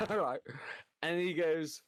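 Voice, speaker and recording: Animated man telling stories. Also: a little high, extremely slow, no room sound, studio quality. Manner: animated storyteller, laughs often, swears freely. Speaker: co-host. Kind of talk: casual chat.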